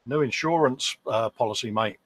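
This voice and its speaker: A man's voice: medium pitch, normal speed, dry recording. A man joining a live model-making stream as a guest, teasing the host in dry, matey banter. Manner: teasing, dry, calls people mate, laughs often. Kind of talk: casual late-night banter.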